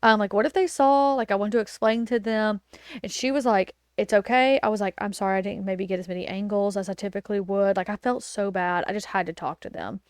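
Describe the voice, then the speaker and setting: A woman hosting a laid-back podcast from home, talking casually and animatedly as she tells a story or answers a question. Her voice sits at an ordinary middle pitch and sounds dry and close to the mic, with no room echo. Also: brisk, clean tone. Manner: animated, chatty, lots of fillers and quoted dialogue. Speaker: podcast host, wedding photographer.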